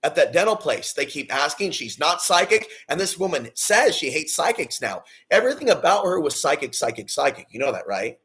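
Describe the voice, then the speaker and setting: Ranting, bitter man, higher-pitched. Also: sing-song, brisk, hardly any pauses, fairly bright tone. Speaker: vlogger. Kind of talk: angry personal rant.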